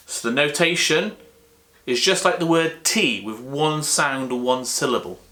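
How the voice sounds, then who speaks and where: A man explains drum notation at a slow, patient pace. His voice is bright and forward, and he says key words over and over to make each rhythm clear. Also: fairly high pitch, a little hiss or hum. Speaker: drum teacher. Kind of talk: relaxed music lesson.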